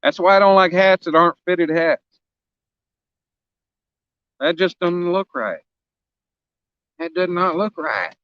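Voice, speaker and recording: A man's voice: high voice, expressive, takes it slowly, long pauses, clear, resonant tone, no echo, muffled recording. A man in his forties, a fishing vlogger chatting casually on a live stream outdoors, joking and teasing his viewers as he rambles. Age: 40s. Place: outdoors on a riverbank.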